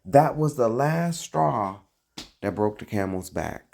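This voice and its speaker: Slow gravelly man preaching. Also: mid-range voice, lively intonation, a little mellow, a little hiss or hum. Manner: slow, emphatic, rhetorical questions. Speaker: online religious commentator. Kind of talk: preachy casual commentary.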